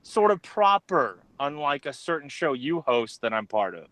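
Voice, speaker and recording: A man with a slightly high voice hosts a loose, joking stream chat and swears freely. He rambles as he introduces his guests. The sound is close and dry. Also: big pitch swings, moderate pace, a bit bright, dry recording. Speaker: host.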